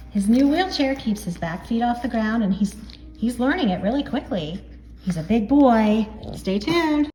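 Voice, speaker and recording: High sing-song woman cooing at a puppy. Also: animated, normal speed, soft background music. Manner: coos at a puppy in soft whispers and sing-song baby talk. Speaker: dog rescue caretaker. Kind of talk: casual pet vlog narration.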